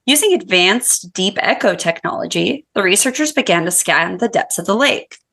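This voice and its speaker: A woman's voice: mid-range voice, animated, moderate pace, gravelly, a bit bright. A woman co-hosting a podcast, chatting casually with swearing and reading her research notes aloud. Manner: profane, laughing banter. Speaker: podcast co-host.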